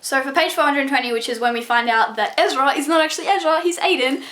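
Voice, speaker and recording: A young woman reviewing a book in a casual vlog, excitable and gushing, full of "like" and swearing. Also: sits high, fast. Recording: echoey room.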